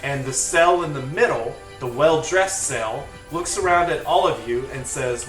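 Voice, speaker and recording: A man narrating a tabletop fantasy game as game master, in a casual, halting way. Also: fairly high pitch, fairly bright tone. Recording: echoey room, distant mic, faint music.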